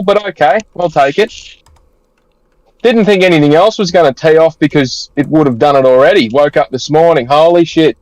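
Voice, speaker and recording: Australian man, slightly higher voice. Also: no room sound, rough recording. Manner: blunt, swears casually, jokey. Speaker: podcast panelist. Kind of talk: casual chat.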